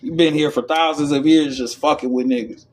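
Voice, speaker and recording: A man's voice: a little high, steady tone, a little fast, a little mellow, a little hiss or hum. A man giving rambling, profane esoteric commentary, reading passages aloud between joking outbursts and mutters. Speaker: channel host.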